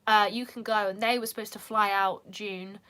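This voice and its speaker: A woman's voice: medium pitch, fairly even intonation, normal speed, a bit bright, clean tone. A young British woman chatting casually as a vlogger, talking in a rambling way and saying "like" a lot. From United Kingdom. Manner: chatty, peppered with "like". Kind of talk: casual chat.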